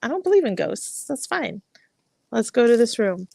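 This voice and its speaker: A woman's voice: on the high side, sing-song, normal speed, creaky, dark tone, dry recording, full character voice. A woman voicing a cocky, dismissive burly dad who scoffs at danger in a campfire story. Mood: scoffing. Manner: brash and scoffing.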